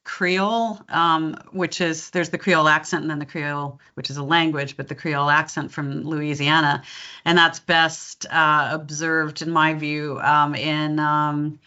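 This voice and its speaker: A woman's voice: sits low, level tone, a little slow, sharp tone, muffled recording. A middle-aged woman from California with a Californian accent, chatting as a guest dialect coach and slipping briefly into regional accents. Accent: Californian American. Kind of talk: casual interview chat.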